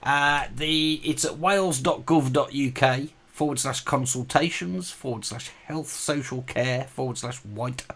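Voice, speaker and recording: Casual male co-host; bright tone, stop-start delivery full of fillers. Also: mid-range voice. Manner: halting, with many fillers and restarts. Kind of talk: casual online show chat.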